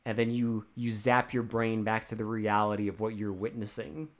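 A man's voice: lowish voice, fairly even intonation, normal speed. Laid-back, jokey young man co-host. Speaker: podcast co-host. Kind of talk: casual movie review chat.

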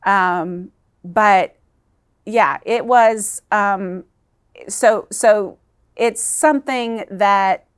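A woman's voice: mid-range voice, drawn-out words, smooth. A woman guest in an interview, telling a personal story in an earnest, emotional way that halts at times.

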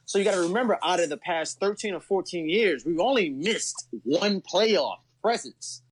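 Man, Baltimore accent, podcast guest, enthusiastic, chatty, higher pitch. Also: lively intonation, normal speed. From Baltimore, USA. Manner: enthusiastic, talkative, says "bro". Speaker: guest fan. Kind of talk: casual sports podcast chat.

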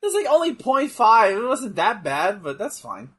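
A man co-hosting a casual chat while watching wrestling, joking and breaking into loud outbursts. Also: sits high, normal speed, breathy edge. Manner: loud, excitable, jokey outbursts. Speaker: podcast co-host.

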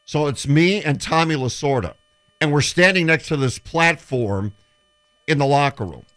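A man's fairly high voice moves at a normal speed as he chats casually on a sports radio show. Telling stories, he animatedly acts out what the people in them said, voices included.

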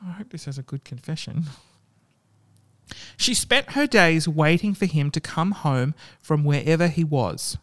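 A man reading stories aloud and breaking off into hushed, emotional asides. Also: fairly high pitch, animated, a little slow. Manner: reactive, drops to hushed asides between readings.

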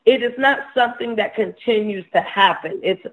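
A woman preacher giving a sermon, often repeating words and restarting her sentences, with soft laughs between points. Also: medium pitch, moderate pace. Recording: tinny phone-like sound.

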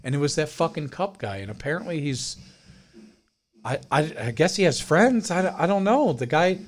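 A young man casually telling a story on a podcast, lively and full of swearing, acting out the people he quotes. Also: fairly high pitch, moderate pace. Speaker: podcast co-host.

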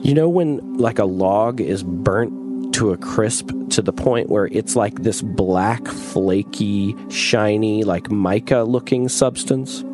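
A man's voice: on the low side, slow, music in the background. A man casually telling a long personal story in an interview, swearing freely and filling his speech with "like". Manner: rambling, profane, fillers like "like", laughs often. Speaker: interview guest.

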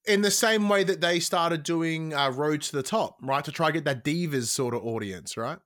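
Podcast host: man, higher register, excitable and animated, swears freely, frequent restarts. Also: moderate pace. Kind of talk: casual podcast chat.

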